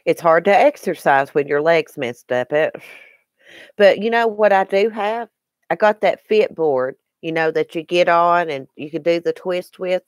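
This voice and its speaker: A woman's voice: deep voice, no room sound, studio quality. A woman with a Southern American accent hosting a casual live stream, chatting and answering viewer comments by name.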